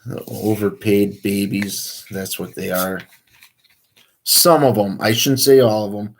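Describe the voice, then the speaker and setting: Guy rambling on his livestream, kinda low voice, real slow and laid back. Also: steady tone, gravelly. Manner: rambling, easygoing, many fillers. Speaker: outdoors livestream host. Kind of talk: casual livestream chat.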